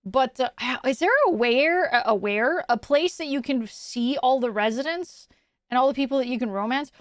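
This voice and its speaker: A woman's voice: sits high, moderate pace, dry recording, clean studio sound. A woman streamer in casual live-stream chat, bubbly and chatty, answering her chat aloud. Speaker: VTuber streamer.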